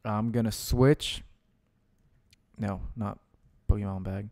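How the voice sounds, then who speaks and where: A young man comments on his own gameplay at an unhurried pace and a medium pitch. The sound is dry and close, with no room around it. He groans, begs and bursts into excited "dude"s as things go wrong. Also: clear, resonant tone, no echo. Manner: excitable, says "dude" constantly, yells and laughs at the game. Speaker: gaming channel host. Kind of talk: let's play commentary.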